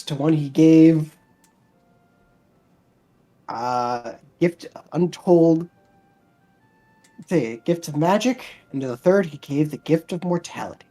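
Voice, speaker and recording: Slow-talking male co-streamer. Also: on the high side, mellow. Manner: slow, explanatory, hesitant. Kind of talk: casual gaming stream chat.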